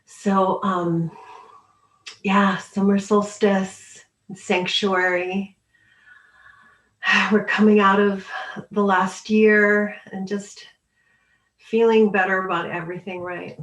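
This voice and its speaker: A woman educator speaking softly and slowly as she guides listeners into relaxation. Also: mid-range voice, little pitch movement, roomy sound, rough recording.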